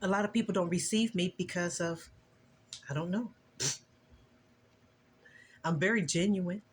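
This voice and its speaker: An older woman and grandmother sharing an earnest, emotional Christian testimony in a casual vlog, with a preachy, expressive delivery. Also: unhurried, a little hiss or hum. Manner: earnest, preachy and emotional, with lively swings in pitch. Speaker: vlogger.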